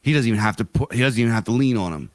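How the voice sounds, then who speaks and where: A man of middle pitch talks loosely on a podcast, rambling, swearing freely and slipping into quick voiced asides. The sound is dry and close, with no room around him. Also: dry recording. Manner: rambling, profane, animated storytelling with voiced asides. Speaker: podcast co-host. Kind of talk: casual podcast chat.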